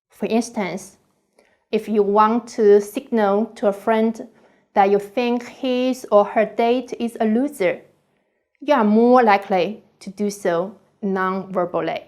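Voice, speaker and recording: A woman reading a scripted online course lecture slowly and carefully, with deliberate pauses. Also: mid-range voice.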